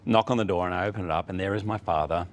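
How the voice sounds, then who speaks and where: A fairly low-voiced Australian man in his fifties sits as a talk show guest and spins a warm, anecdotal story, acting out what others said along the way. A faint hum sits under his voice. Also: very fast. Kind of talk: casual talk show interview.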